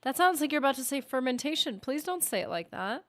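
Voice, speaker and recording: A woman's voice: high voice, lively intonation, moderate pace, few pauses, a bit bright, no echo. Playful woman streamer chatting dryly. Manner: playful, teasing banter with chat. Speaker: game streamer. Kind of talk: casual live-stream chat.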